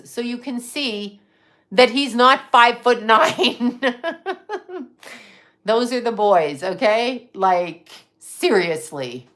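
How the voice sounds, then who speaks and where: Woman on a live stream ranting hard, swears a lot, sharp bright tone, reads chat out loud. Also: medium pitch. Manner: blunt, profane venting; reads viewer comments aloud. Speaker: livestream host.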